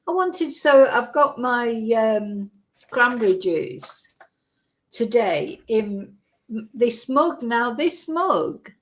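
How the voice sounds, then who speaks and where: A middle-aged woman from Manchester with a Mancunian accent, rambling and self-mocking as she chats with viewers on her livestream. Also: mid-range voice. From Manchester, England. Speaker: channel host. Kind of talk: casual livestream chat.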